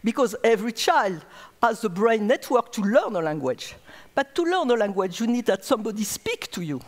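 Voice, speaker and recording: A woman's voice: a little high, big pitch swings, moderate pace. A woman with a French accent, a native French speaker, explaining earnestly as a neuroscientist at a conference and repeating words as she searches for them. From France. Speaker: neuroscientist giving a conference talk. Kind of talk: conference lecture. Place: large conference hall. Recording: reverberant lecture hall.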